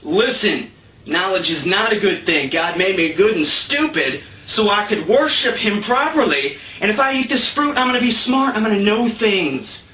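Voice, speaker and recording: A man's voice: high-pitched, lively intonation, normal speed, bright, forceful tone. A man voicing a naive, dutiful young woman in an earnest, pleading tone for a comedy bit, heard in an echoey room. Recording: roomy sound from a distant mic.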